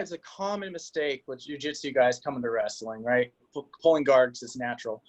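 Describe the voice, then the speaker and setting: A man, a high school wrestling coach, animatedly telling a story in casual chat. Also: fairly quick, lo-fi sound. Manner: animated storyteller, yells quoted lines.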